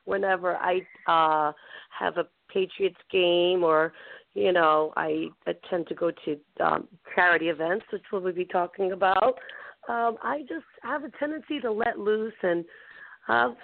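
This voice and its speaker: A woman hosting a call-in show, her voice strained from a late night out, talking excitedly and rambling with laughs and fillers. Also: mid-range voice, no room sound. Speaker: show host. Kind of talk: casual call-in chat. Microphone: phone line. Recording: tinny phone line.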